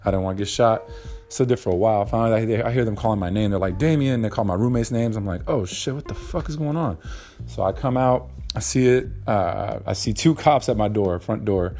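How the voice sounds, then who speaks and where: A man's voice: on the low side, fast talker, warm tone. Rambling, profane young man podcaster. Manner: rambling, profane, many ums and uhs. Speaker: podcast host. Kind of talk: casual solo podcast chat.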